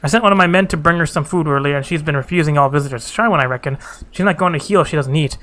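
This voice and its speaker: A man's voice: on the high side, rapid-fire, bright, forceful tone. A man reading a blunt, weary female camp commander in a game, with a folksy, dry complaining manner.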